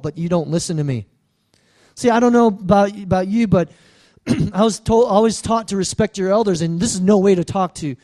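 High-voiced male pastor preaching. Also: darkish tone. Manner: preaching with call-and-response asides to the congregation. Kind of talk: sermon.

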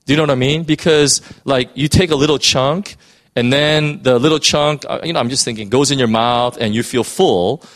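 A man's voice: medium pitch, moderate pace, fairly bright tone. A man preaching a sermon in a conversational, storytelling way, with frequent restarts and fillers.

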